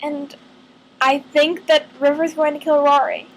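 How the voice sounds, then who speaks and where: High-voiced woman vlogger, slow and rambling. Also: level tone, poor audio. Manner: earnest, rambling, thinks aloud with many pauses. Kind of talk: casual fan chat to camera.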